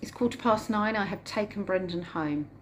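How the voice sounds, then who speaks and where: A woman vlogger telling a story in a lively way, acting out the scenes. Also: medium pitch, normal speed, a little hiss or hum. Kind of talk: animated storytelling vlog. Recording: roomy room with faint ambience.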